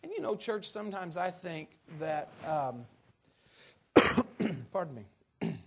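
A man preaching a conversational sermon to his congregation, earnest and halting, often restarting his sentences. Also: high-pitched, animated, vocal fry, slightly rough.

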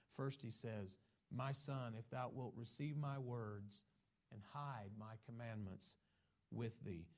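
Gravelly preaching man, emphatic bursts. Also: a little high, a little mellow. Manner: preaching with rising emphatic bursts, reads scripture slowly. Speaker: pastor. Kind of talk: sermon.

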